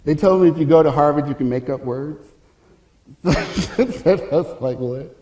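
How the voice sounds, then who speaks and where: A man's voice: a little high, slow pace, dark tone. Chatty man in an echoey room. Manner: jokey and chatty, with loose restarts. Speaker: workshop presenter. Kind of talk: conference workshop talk. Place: conference room.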